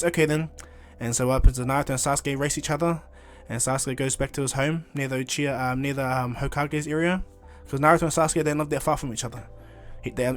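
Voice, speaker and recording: A man casually retelling a fan story, rambling with restarts. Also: mid-range voice.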